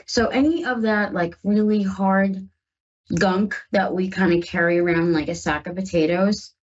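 A woman from the northern United States hosts a live call-in psychic radio show, reading tarot and talking with listeners in a chatty, reassuring way. Her voice is medium-pitched and steady at a normal speed, with lo-fi sound.

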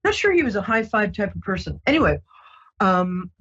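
A woman hosting a psychic radio show, talking gently and reassuringly with many ums and restarts. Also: medium pitch, very animated, brisk, slightly rough, muffled recording. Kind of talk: casual radio psychic reading.

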